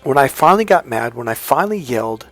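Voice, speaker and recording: A man coaching on self-help, telling a personal story in a casual, animated monologue, often restarting his sentences. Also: medium pitch, fast talker, faint music behind. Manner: animated storytelling, breaks into loud acted-out dialogue; frequent restarts and stumbles.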